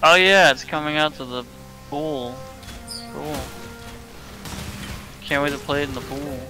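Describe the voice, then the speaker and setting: A man's voice: fairly high pitch, a little slow, rough recording. A man streaming a game in casual chat, cracking goofy jokes and wordplay over game music.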